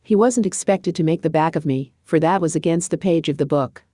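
A cross and sulky clown man from a picture book grumbles about his drawing, as a woman reads him. The voice is low and dry. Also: brisk, dark tone, no room sound.

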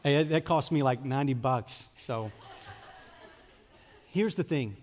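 A man preaching a conversational sermon, acting out prayers and shifting from lively, loud stretches to soft, intimate ones. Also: medium pitch, moderate pace, long pauses, big-room sound. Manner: conversational, acts out prayers and dialogues, drops to soft intimate tones. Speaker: pastor.

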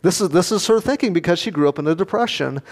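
An older male pastor preaches in a folksy, storytelling way, tossing questions out to the congregation. His voice sits a touch higher than most men's. It rings out with the long reverb of a large church hall. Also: animated, fast. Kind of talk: sermon.

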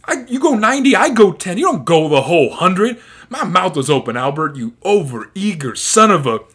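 A man doing an impression of a flustered film character, yelling loud and high-pitched. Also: sing-song, moderate pace, husky, full character voice. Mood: outraged. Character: flustered adult man shrieking in outrage.

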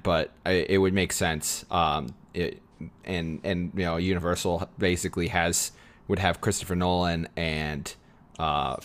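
Deep-voiced, laughing podcast host man. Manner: chatty, laughs often, many fillers. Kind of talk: casual film chat.

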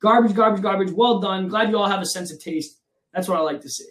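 Excitable high-voiced young man ranting. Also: brisk. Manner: animated, laughing, mock-outraged rants. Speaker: podcast co-host. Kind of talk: casual podcast banter. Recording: roomy echo.

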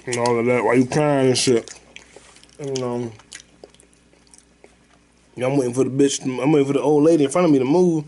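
A man's voice: mid-range voice, steady tone, fairly quick, long pauses, dark tone. A man hosting a podcast, rambling through stories and movie talk in a loose, profane, slangy way. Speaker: podcast host. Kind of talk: casual podcast chat.

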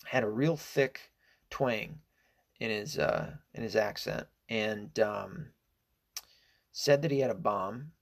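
A man's voice: lowish voice, takes it slowly, creaky, long pauses. A man giving a casual, indignant opinion monologue, rambling and hesitant with many fillers, restarts and swearing. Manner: profane and indignant. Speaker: political commentator.

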